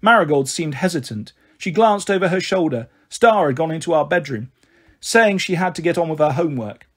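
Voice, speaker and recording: A man reads a children's novel aloud, lively in pitch as he moves through the story. His voice is a little husky and sits fairly high for a man. He reads with expression, shifting into voices for the characters. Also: fairly quick. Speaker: storybook reader.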